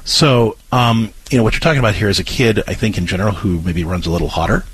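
Low, husky man giving parenting advice. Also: quick pace, no echo. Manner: earnest, many restarts, acts out comforting lines to a child. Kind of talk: casual advice chat.

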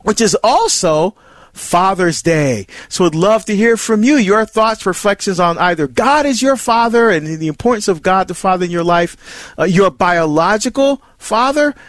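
A man's voice: high-pitched, expressive, normal speed, no echo. A man hosting a call-in radio show, thanking callers and inviting listeners to phone in.

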